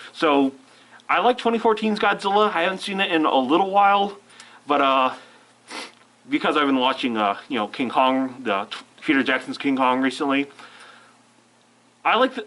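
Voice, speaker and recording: A man's voice: on the high side, fairly bright tone, poor audio. Rambling man reviewing a film, with a cold. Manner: rambling, self-interrupting. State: fighting a cold. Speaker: movie reviewer.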